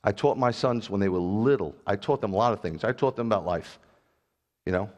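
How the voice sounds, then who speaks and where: A middle-aged man preaching a sermon as pastor, animated and jokey, with sudden loud bursts. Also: lowish voice, a little fast.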